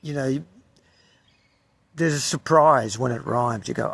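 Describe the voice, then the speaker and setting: A man's voice: mid-range voice, a little slow, gravelly, a bit bright, husky, no room sound. An Australian man giving an unrehearsed poetry reading with wry asides, sometimes stumbling over the words. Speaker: poetry reader.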